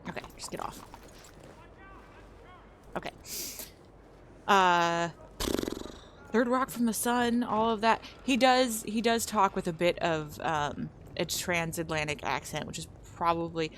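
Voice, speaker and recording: With slight background noise behind her, a young woman streams and chats casually, rambling and breaking off mid-sentence to restart. Her fairly bright voice is on the low side, a little slow, with frequent pauses.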